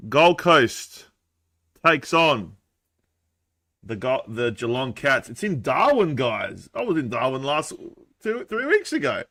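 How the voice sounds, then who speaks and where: Australian male host, bright tone, dry studio, upbeat casual chat. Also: medium pitch, very animated, slow, dry recording. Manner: upbeat, running the segments. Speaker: podcast host.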